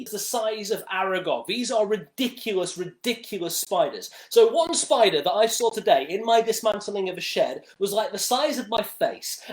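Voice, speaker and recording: A man's voice: high voice, echoey room. A man hosting a live stream, telling a story in a dramatic, exaggerated way. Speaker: livestream host. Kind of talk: casual storytelling monologue.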